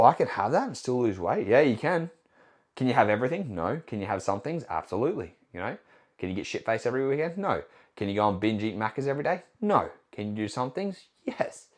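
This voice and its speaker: A man, a nutrition coach hosting a casual solo podcast, blunt and profane, asking himself questions and answering them. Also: on the low side. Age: 20s.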